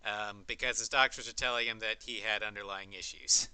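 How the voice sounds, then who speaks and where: A man's voice: fairly low pitch, fairly even intonation, brisk, bright, forceful tone, clean tone, no echo. A man streaming a game, chatting casually and musing on history with rambling asides and fillers. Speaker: livestreamer. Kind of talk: casual chat while gaming.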